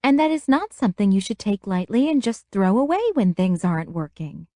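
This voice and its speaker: A woman's voice: mid-range voice, big pitch swings, normal speed, a little mellow, no echo, studio quality, voice pushed up, close to an everyday voice. Woman doing a preachy, scolding churchgoing mother. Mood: lecturing. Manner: lecturing, instructive, finger-wagging. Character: devout scolding middle-aged mother, preachy.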